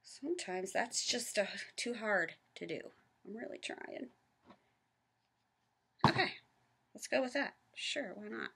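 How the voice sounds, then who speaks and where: Lady chatting thru a craft project at home, bright voice, kinda jokey about herself. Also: on the high side, animated, slow pace, gravelly, pauses often, breathy edge. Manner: chatty, talks through each step, self-deprecating. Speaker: craft vlogger. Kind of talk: casual craft tutorial.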